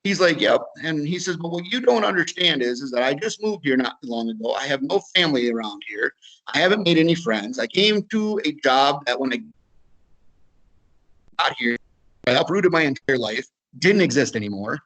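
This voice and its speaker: A man's voice: a little high, lively intonation, moderate pace, fairly bright tone, rough recording. Chatty Midwestern man telling a story. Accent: Upper Midwest American. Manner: casual, repeats words, acts out dialogue. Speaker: webinar speaker. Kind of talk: storytelling talk. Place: video webinar.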